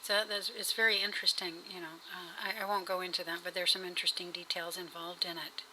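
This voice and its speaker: A woman's voice: lowish voice, flat delivery, quick pace, bright, forceful tone, a little hiss or hum, low-quality recording. A woman talking in a casual video diary, rambling and hesitant, with many fillers and restarts. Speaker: vlogger. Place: at home.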